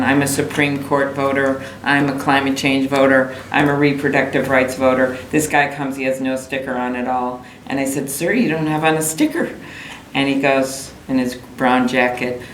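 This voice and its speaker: Low-voiced woman giving a stump speech. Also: noisy background. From Minnesota. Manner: storytelling, conversational and folksy. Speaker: political candidate. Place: rally in a room with a crowd. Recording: echoey room, faint ambience.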